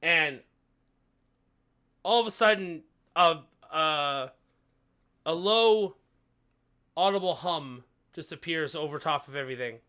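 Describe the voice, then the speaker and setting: A man narrating a tabletop game as game master, halting with frequent fillers and restarts. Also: fairly high pitch, sharp tone, clean tone.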